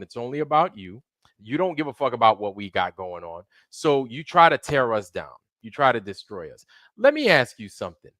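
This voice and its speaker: Heated man, livestream host, swearing tirade, dry close mic, lively pitch. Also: no echo. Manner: heated, profane, repetitive. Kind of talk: angry livestream rant.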